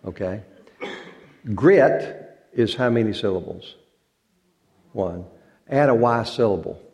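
A man's voice: on the low side, animated, slow, a little mellow. A male pastor giving an informal talk to a church congregation, folksy and joking and drawing out words for effect. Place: church sanctuary.

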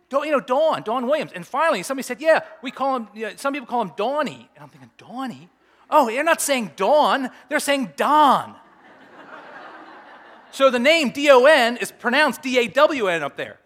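A man's voice: high voice, bright, forceful tone. A middle-aged male pastor preaching a sermon in a conversational way, with humorous asides.

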